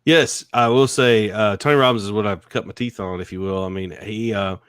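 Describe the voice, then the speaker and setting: A man, a sales and negotiation expert talking in an animated podcast interview, acting out quoted voices and laughing often. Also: on the low side, brisk, clear, resonant tone, dry recording, clean studio sound.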